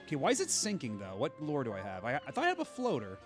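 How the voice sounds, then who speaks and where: A man casually commenting while he plays a fishing game on a stream, thinking aloud with quick asides. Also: mid-range voice, huge pitch swings, soft background music.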